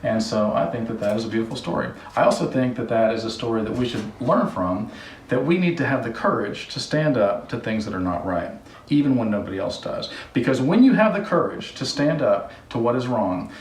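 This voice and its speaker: This contractor speaks fairly quickly in an expressive, medium-pitched voice, chatting and joking his way through stories on his casual DIY vlog. He's recording in a house mid-renovation, off-mic, so it sounds roomy, with slight background noise.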